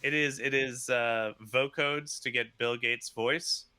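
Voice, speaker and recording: A man, a software developer, chatting as a podcast guest over a video call, laughing often and talking in quick rambling bursts. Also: medium pitch, fairly even intonation, clean tone, dry recording. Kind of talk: casual video-call chat.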